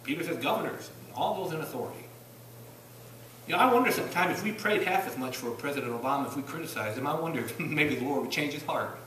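A man preaches a sermon in a church, throwing out question after question. His voice is bright and somewhat high, swinging widely between loud bursts and low, quiet asides. He sounds far from the microphone in a roomy, echoing sanctuary with faint hiss. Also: animated, fast talker. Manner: rising to loud bursts then dropping low, rhetorical questions. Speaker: pastor. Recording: echoey church room from a distance.

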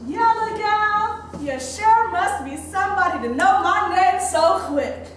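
A woman's voice: very high-pitched, lively intonation, a little slow, a bit bright, slight background noise, voice pushed up, full character voice. A woman on stage voicing a brash, swaggering young boy who teases a girl. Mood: teasing. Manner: swaggering, teasing. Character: brash young street boy, cocky and teasing. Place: theater stage. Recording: very echoey stage from far off.

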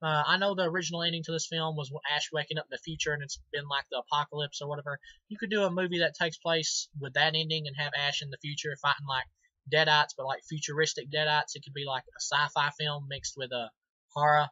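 A man's voice: fairly high pitch, steady tone, fast talker, bright, forceful tone, no room sound, lo-fi sound. A man giving a casual movie review, enthusiastic and rambling, with many ums and restarts. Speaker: film reviewer.

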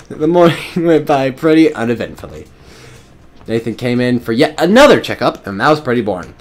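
Man reading a comic story aloud, lively. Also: mid-range voice, fairly quick. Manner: reads in first person, breaks off to laugh and comment on his own reading. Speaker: story reader.

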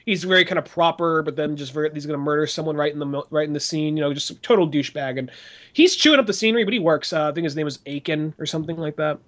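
A slightly high-voiced man on a casual movie podcast. He talks loosely and swears freely, often jumping into quick impressions of characters while retelling scenes. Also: a bit bright. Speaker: podcast co-host.

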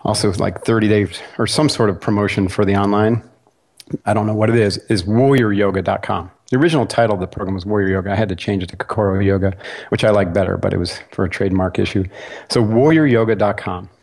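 A man's voice: fairly low pitch, fast, creaky. A man talking as a podcast guest, telling stories easily and laughing along. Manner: relaxed storyteller, laughs easily. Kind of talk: casual interview talk.

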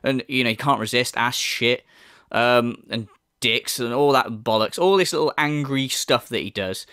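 A man's voice: mid-range voice, normal speed, pushed and bright, smooth, no echo, studio quality. A man hosting a sarcastic commentary, swearing often and mocking what he reacts to. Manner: mocking, laughing, swearing, mimics voices. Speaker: commentary channel host.

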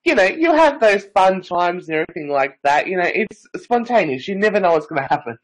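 A man's voice: sits high, big pitch swings, a little fast, low-quality recording. A nineteen-year-old man, a psychic medium and Reiki master, telling stories in a casual, rambling interview full of filler phrases.

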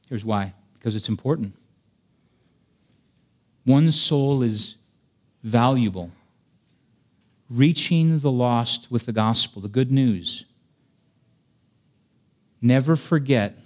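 A man preaching a sermon as a pastor, earnest, swinging between emphatic raised passages and quiet storytelling. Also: mid-range voice. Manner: earnest preaching, rising to emphatic peaks, dropping soft for stories.

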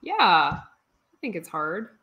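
A woman art instructor chatting casually while painting, relaxed and dry-humored. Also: lowish voice, slow, dull audio. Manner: relaxed, dry humor, reads viewer comments.

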